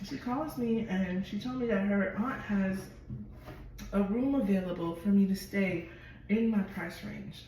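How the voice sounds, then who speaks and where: A woman vlogger telling a personal story in a chatty, expressive way and swearing freely. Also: mid-range voice, measured pace, recorded from a distance. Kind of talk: casual storytelling to camera. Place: at home. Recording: very echoey room, voice from afar, noisy.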